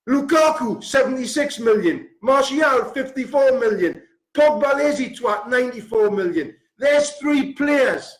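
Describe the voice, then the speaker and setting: Angry fan pundit, slow deliberate swearing rant. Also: male voice, high-pitched. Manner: furious, swearing, repeats figures for emphasis. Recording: roomy echo.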